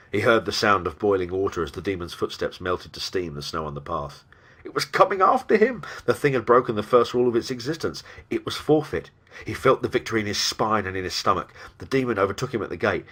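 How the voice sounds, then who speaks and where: A man's voice: fairly low pitch, slightly rough. A man narrating a horror tale in a dramatic audiobook reading. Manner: animated storytelling.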